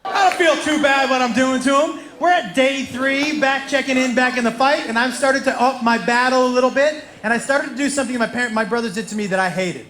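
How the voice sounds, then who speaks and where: Man, stand-up comic, high lively voice, echoey venue, audible noise. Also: fairly quick, hardly any pauses. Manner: animated, laughing, acting out quotes with loud yelps. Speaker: stand-up comedian. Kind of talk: stand-up storytelling.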